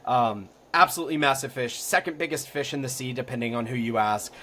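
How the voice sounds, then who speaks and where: A young man from Florida, a podcast guest telling stories in a casual, rambling way full of ums and likes that grows lively at the exciting parts. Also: mid-range voice, fast talker, a little hiss or hum. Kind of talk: casual storytelling.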